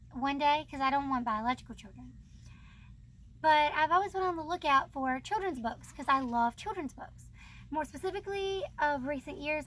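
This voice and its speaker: Woman, high voice, bubbly casual chat, frequent laughs, book host. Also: a bit bright. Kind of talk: casual chat about books.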